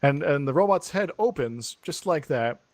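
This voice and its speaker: A man's voice: a little high, lively intonation, normal speed, dry recording. A man narrating a tabletop game as game master, rambling with many fillers.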